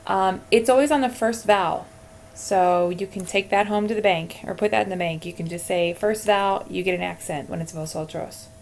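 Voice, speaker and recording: Speaking at a normal speed in a medium-pitched, darkish voice, this teacher walks students through Spanish verb endings on a screencast. She's encouraging and explains each answer as she types, over a faint hiss or hum.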